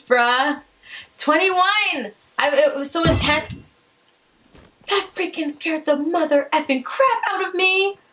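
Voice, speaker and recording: A young woman giving excited, chatty commentary while playing a shooter game, dropping to hushed mutters and bursting into shouts. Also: high-pitched, slight background noise. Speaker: gaming channel host.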